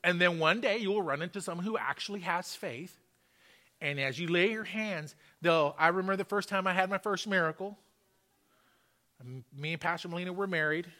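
A man's voice: sits high, fairly quick, pushed and bright. A man pastor preaching a sermon in a church, telling a testimony and repeating his points with emphasis. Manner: testimony storytelling, repetitive emphatic exhortation. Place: church sanctuary.

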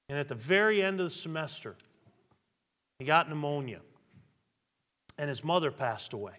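Higher-voiced pastor preaching in a reverberant hall. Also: male voice. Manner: animated storytelling, voice rising and dropping with the story. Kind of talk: sermon.

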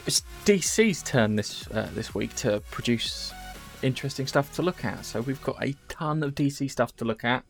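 A man's voice: medium pitch, lively intonation, moderate pace, gravelly, few pauses, soft background music. A man hosting a podcast, chatting casually in a jokey, rambling way and swearing now and then. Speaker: podcast host. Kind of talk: casual chat.

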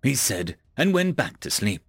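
Lively male fantasy-story narrator. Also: medium pitch, normal speed, slightly rough, dry recording, studio quality, faint music behind. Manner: expressive storytelling.

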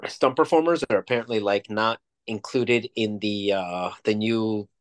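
A man's voice: on the low side, moderate pace. A man co-hosting a casual podcast, talking in a rambling, emphatic way with plenty of swearing. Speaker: podcast co-host. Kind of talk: casual chat.

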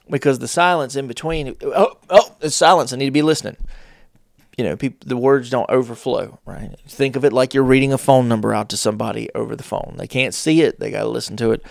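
A man hosting a casual advice talk, with deliberate pauses and playful shifts of tone. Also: mid-range voice, fairly even intonation, gravelly, no room sound, studio quality. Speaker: host.

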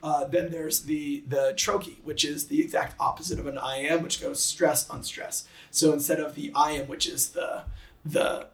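Enthusiastic teacher with a rhythmic delivery. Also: male voice, fairly high pitch, little pitch movement, normal speed, fairly bright tone, reverberant, far from the mic. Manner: enthusiastic, rhythmic, taps out meter by voice. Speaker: high school English teacher. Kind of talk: conversational explanation, reading a poem aloud.

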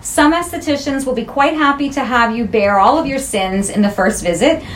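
A middle-aged woman with a slightly high voice talks in a chatty, frank way. She explains her work as an esthetician with easy humor. A faint noise sits behind her. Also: normal speed. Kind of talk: casual interview.

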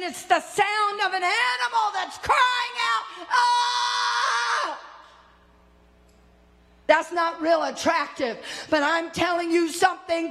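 A woman preaching a fiery sermon, shouting at peaks and dropping low between them. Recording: long hall reverb.

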